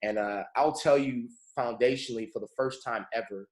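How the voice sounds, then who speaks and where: A man's voice: mid-range voice, a little fast. Earnest man telling a story in an echoey room. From Pomona, California. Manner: earnest, often addresses listeners as folks and checks in with okay. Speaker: mentor leading a morning call. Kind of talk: motivational personal storytelling. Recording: roomy echo.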